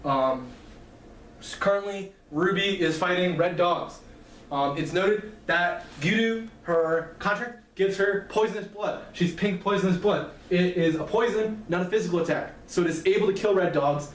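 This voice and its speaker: Speaking at a moderate pace in a high-pitched voice, an author casually walks through his novel's plot in a lecture-style recap. He peppers it with ums and keeps restarting, filler-heavy and loose. The mic is distant, the room roomy, and there's faint noise.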